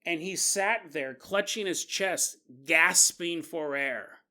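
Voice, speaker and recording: Man, podcast host, storytelling, bright voice, high pitch, animated. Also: slow. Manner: animated, conversational, jokey. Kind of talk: storytelling narration.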